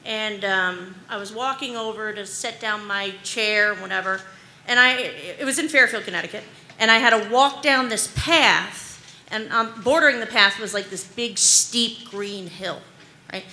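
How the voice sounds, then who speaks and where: A woman's voice: mid-range voice, a little slow, slight background noise. A woman in her forties doing stand-up, telling rambling, self-deprecating stories packed with "like" and "um.". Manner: rambling, animated, heavy use of fillers like "like" and "um"; self-deprecating, anxious humor. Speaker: stand-up comedian. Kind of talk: stand-up storytelling.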